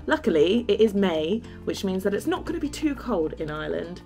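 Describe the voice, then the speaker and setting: A woman's voice: medium pitch, very animated, a little fast, dark tone, faint music behind. Chatty young English woman vlogging. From England. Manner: chatty and upbeat, laughs often. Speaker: travel vlogger. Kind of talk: casual vlog talk to camera.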